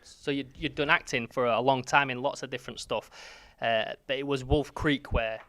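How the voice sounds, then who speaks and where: A man's voice: mid-range voice, steady tone, normal speed, bright, forceful tone, no echo. A man, hosting a casual interview in a chummy, teasing way. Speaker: interviewer, show host.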